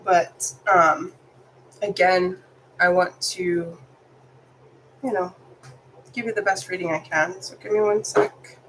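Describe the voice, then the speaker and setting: A woman's voice: on the low side, steady tone, slow pace, pauses often, noisy background. A woman who is sick, doing a live tarot reading for viewers, chatty and apologetic, reading card meanings aloud. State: sick, congested. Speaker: tarot reader.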